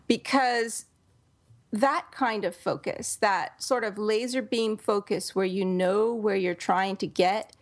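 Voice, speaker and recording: A woman hosts a relaxed podcast conversation in a mid-range voice. She thinks out loud and explains her views with small restarts. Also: mid-range voice, takes it slowly. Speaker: podcast host and novelist. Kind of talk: casual podcast chat. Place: home in Dallas.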